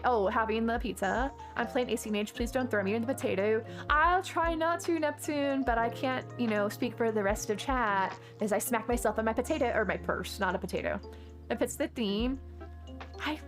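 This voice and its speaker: Bubbly chatty woman streamer, high voice. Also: lively intonation, a little fast, faint music behind. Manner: bubbly, chatty, gasps and exclaims often. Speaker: live streamer. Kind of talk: casual gaming stream chat.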